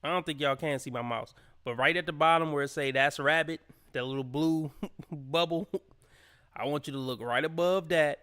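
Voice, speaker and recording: A man's voice: fairly high pitch, moderate pace, pushed and bright, clear, resonant tone. A man commenting on a clip during a livestream, blunt and profane, mocking people by quoting them.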